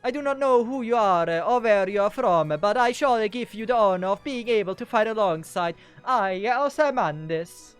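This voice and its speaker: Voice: mid-range voice, expressive, normal speed, hardly any pauses, clear, resonant tone, soft background music, lightly acted. A streamer voicing a haughty, commanding pharaoh king in a pompous, declaiming way while reading game dialogue aloud. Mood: imperious.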